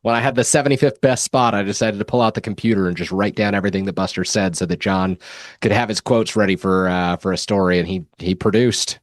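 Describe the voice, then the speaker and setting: A man, a sports reporter, talking casually with dry, deadpan humor. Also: lowish voice, fast, no room sound.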